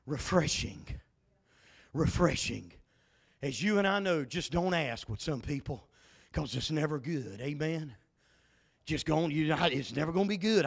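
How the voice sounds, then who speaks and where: Man, Pentecostal pastor, fervent folksy sermon, sharp voice. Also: sits high. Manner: fervent, folksy preaching with repetition. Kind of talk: Pentecostal sermon at a Bible study.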